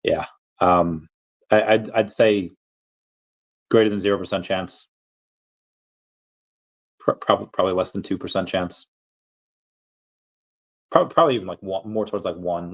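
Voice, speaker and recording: A man's voice: low-pitched, steady tone, moderate pace, pauses often. A young man hosting a casual livestream, reading chat aloud in a rambling, playful way and often stumbling over repeated words.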